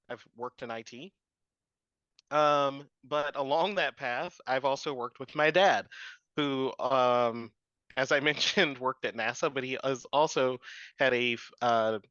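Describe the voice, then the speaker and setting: Interview guest, man in his 30s, chatty and rambling, sharp-toned voice on a muffled, dry recording. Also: mid-range voice, no echo. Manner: rambling, frequent fillers and laughs. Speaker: guest, drone business owner. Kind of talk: casual interview storytelling.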